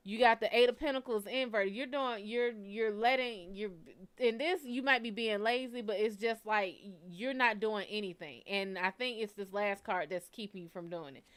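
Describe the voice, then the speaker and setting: A woman tarot reader speaking in a smooth, clear voice. She talks plainly and bluntly in a casual, conversational way and drops the occasional swear word as she gives a live reading. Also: medium pitch.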